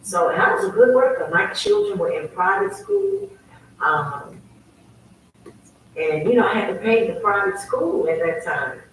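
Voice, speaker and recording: A woman telling a personal story as a guest, emphatic and animated. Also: mid-range voice, unhurried. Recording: very echoey, distant, faint ambient noise.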